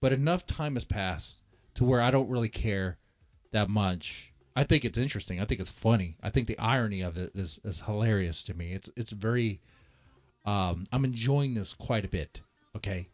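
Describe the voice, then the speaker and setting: A man's voice: on the low side, moderate pace. A man hosting a casual commentary stream, rambling and mocking, with many restarts.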